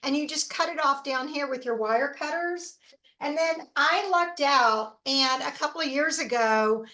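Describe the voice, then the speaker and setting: A woman talks through a casual how-to presentation in a high, bright voice. She is chatty and enthusiastic and drifts into rambling asides. Her voice is a little hoarse from talking so much. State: losing her voice. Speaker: host.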